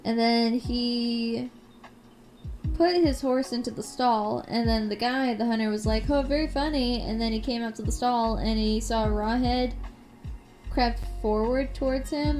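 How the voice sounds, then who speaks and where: Female streamer, high voice, casual spooky story retelling with swearing and tangents. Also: steady tone, unhurried, a little mellow, soft background music. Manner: profane, rambling commentary. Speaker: live streamer. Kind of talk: casual reading of a scary story.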